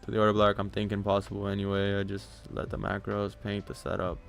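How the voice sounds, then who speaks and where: A man's voice: lowish voice, monotone, fast talker, creaky, soft background music. A man hosting a live trading stream, chatting casually, rambling, joking and thinking aloud as he goes. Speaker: livestream trading host.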